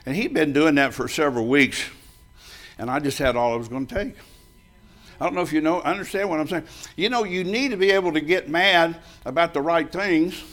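A man's voice: a little high, fairly quick, fairly bright tone. A man in his seventies preaching a sermon, telling a personal story in a folksy, emphatic way and laughing often as he talks.

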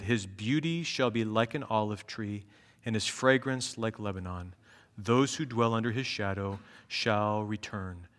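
A man preaching an expository sermon, reading scripture and commenting on it. He talks earnestly, building to emphatic peaks and then dropping low and slow. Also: a bit bright, in a large hall.

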